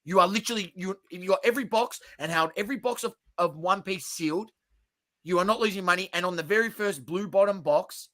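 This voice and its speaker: A man's voice: high voice, quick pace, pushed and bright. A man co-hosting a casual podcast, explaining points with frequent stammered restarts. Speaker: podcast co-host. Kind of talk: casual chat.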